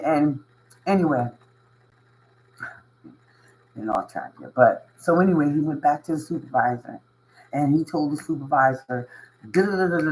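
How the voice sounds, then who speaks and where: A man with a voice a bit higher than most talks straight to his viewers in an earnest, emotional monologue. He hammers points home through repetition, keeps checking in with "you know what I mean" and chuckles between lines. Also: a little mellow, low-quality recording. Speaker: spiritual channel host. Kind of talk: casual motivational monologue to viewers.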